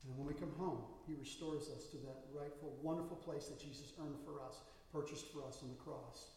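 A man's voice: fairly high pitch, steady tone, a little fast, darkish tone, a little hiss or hum. A man as pastor, preaching a sermon in a church with storytelling that rises to emphatic bursts. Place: church sanctuary. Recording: echoey hall from far off.

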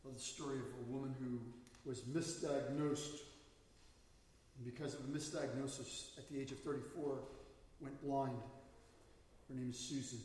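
A man preaching a sermon, stressing key words and drawing them out slowly. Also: medium pitch, steady tone, darkish tone, slight background noise. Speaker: pastor. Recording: echoey hall, mic at a distance.

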